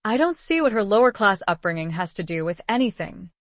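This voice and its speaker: A woman's voice: mid-range voice, very animated, brisk, no echo, lightly acted. A woman reading an audiobook, voicing a forthright, insistent wife with an American accent.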